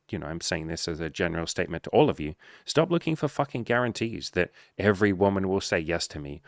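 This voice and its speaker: This is a man with a low voice, a dating coach whose motivational talk is blunt, profane and forceful. When he quotes people, he acts out their voices. Clean studio sound, no room sound.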